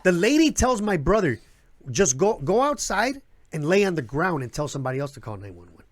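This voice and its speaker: At a live show venue, a south side Chicago comedian appears as a guest, animatedly recounting wild stories in loose, profane conversation, voicing the characters and laughing as he goes. His voice is a little high and a little fast.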